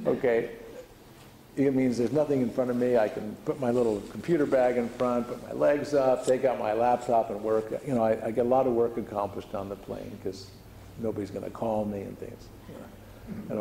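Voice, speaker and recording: A man's voice: mid-range voice, creaky, mellow, a little hiss or hum. A man, a spiritual teacher, telling a personal story to a group in a chatty way, full of fillers and restarts. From United States. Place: hall with audience. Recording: echoey room recording.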